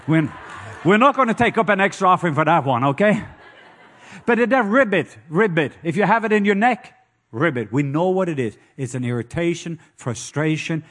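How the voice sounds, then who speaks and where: High-voiced man preaching a sermon. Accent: Norwegian. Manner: storytelling, playful asides to the congregation.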